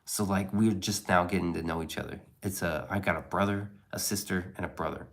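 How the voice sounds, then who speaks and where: Laid-back, low-voiced streamer man. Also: fairly quick, gravelly. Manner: rambling, profane, laid-back. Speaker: live streamer reading chat. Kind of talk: casual chat.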